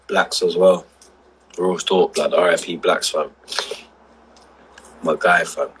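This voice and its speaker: A man's voice: low voice, fairly even intonation, slow, a bit bright, slight background noise, rough recording. A young man, drunk and talking in a rambling, emotional way on a casual livestream. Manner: rambling, emotional, heavy street slang. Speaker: livestream host.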